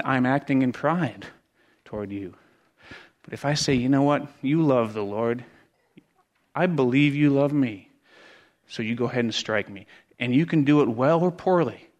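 A middle-aged man gives a sermon as a pastor. He preaches earnestly, swinging from loud, high emphasis down to soft, low asides. His voice sits at an ordinary male pitch. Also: expressive, moderate pace, pauses often.

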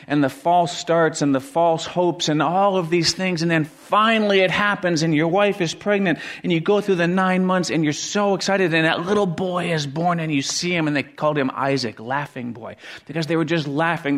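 A middle-aged man preaching a sermon earnestly, often repeating words for emphasis and dropping to quiet, low tones.

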